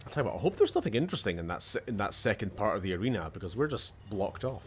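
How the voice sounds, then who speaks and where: A Scottish gaming streamer chats casually and rambles while playing, with laughing asides and the occasional swear. His voice is lowish and sing-song, delivered rapid-fire over slight background noise.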